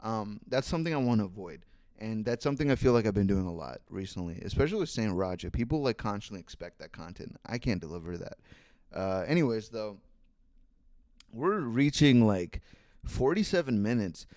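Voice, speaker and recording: A man's voice: on the low side, lively intonation, fairly quick, a little mellow, dry recording. Solo podcast host, man in his twenties: casual rambling monologue, clean resonant tone, dry booth sound. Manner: rambling, thinking aloud, swears freely. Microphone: studio microphone.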